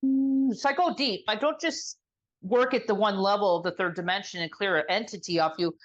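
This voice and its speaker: A woman sound healer guiding an energy healing session, talking slowly and soothingly. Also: medium pitch, low-quality recording.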